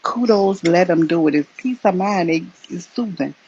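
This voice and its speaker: A woman co-hosting a casual live-stream commentary, talking loudly and chatting straight to her viewers. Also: on the low side, expressive, normal speed, highs cut off, a loud crowd. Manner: loud, chatty, addresses viewers as y'all.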